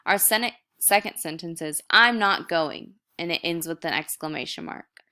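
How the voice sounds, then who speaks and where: Explaining things one step at a time, a young woman records a lesson at normal speed. Her voice is bright and crisp, sitting a bit low, and her teaching style is easygoing and casual.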